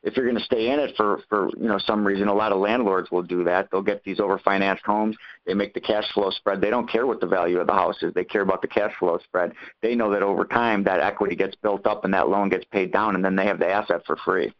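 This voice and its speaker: A man's voice: sits low, steady tone, fast talker, few pauses. A man hosting a call-in Q&A who coaches callers and acts out the conversations he quotes. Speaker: host answering callers' questions. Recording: muffled lo-fi call audio.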